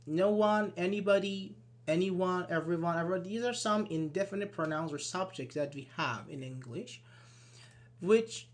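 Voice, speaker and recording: A man giving an online English grammar lesson, explaining step by step and acting out short sample dialogues. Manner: explains with many "for example"s and acted-out sample dialogues; lively, switches pitch when voicing example sentences. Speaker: English teacher.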